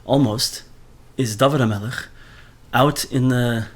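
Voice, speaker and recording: A man's voice: medium pitch, unhurried. Man teaching a Torah class. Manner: animated, mixes Hebrew terms into speech, repeats words often.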